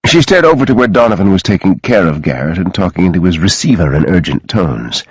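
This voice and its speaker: Husky, expressive male audiobook narrator. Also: low voice, quick pace, dry recording, low-quality recording. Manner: dramatic, expressive reading.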